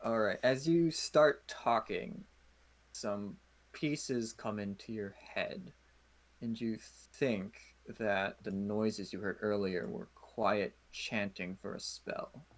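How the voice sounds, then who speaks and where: A man with a lowish voice runs a tabletop game as game master. He narrates in halting bursts, stopping for uhs and starting sentences over as he describes the scene. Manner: halting, many uhs and restarts.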